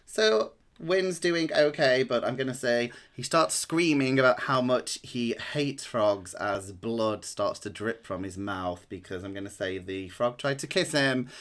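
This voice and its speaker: A man acting as dungeon master, narrating a tabletop game in a relaxed, rambling way with many pauses and ums. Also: mid-range voice.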